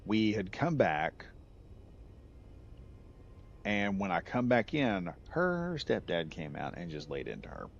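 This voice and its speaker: A low-voiced man telling a rambling story, his pitch swinging widely as he goes. He often corrects himself and laughs at his own jokes. The recording is slightly muffled, with a faint hiss behind him. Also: wildly swooping pitch, slow pace, gravelly, long pauses. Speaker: gaming channel host. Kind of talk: casual storytelling.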